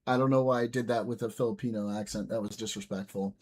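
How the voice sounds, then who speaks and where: A man's voice: fairly low pitch, fairly even intonation, a little mellow, husky. A man hosting a casual livestream, chatting playfully with his viewers and calling out to his pet. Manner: playful, drawn-out greetings, quick asides to a pet. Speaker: livestream host.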